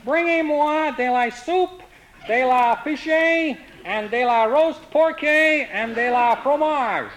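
A man voicing a pompous traveller from the prairies who speaks bad French very slowly, syllable by syllable. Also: very high-pitched, fairly even intonation, a bit bright, voice pushed up, poor audio. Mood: slow, careful. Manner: slow, over-careful syllable by syllable.

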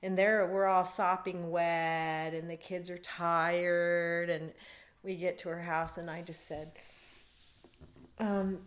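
A woman's voice: fairly low pitch, a little slow. A middle-aged woman being interviewed, telling a long story casually with rambling asides. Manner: rambling, animated, laughs while telling.

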